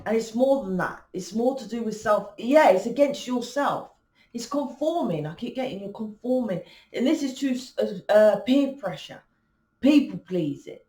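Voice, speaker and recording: A woman's voice: a little high, animated, moderate pace, warm tone, roomy sound. A woman hosting a spiritual channel, talking casually and rambling with many restarts and fillers. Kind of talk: casual spiritual talk to camera.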